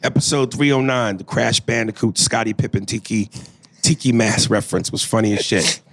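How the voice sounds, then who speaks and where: A man's voice: lowish voice, moderate pace, a bit bright. A man co-hosting a podcast, reading listener emails aloud in a casual, profane, joking way. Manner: profane, joking, breaks into laughter. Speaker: podcast co-host.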